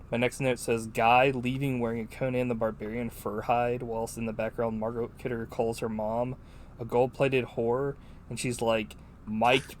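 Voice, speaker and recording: A man's voice: mid-range voice, a little hiss or hum. Rambling, swearing male podcast host. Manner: rambling, profane, full of "like". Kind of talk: casual film chat.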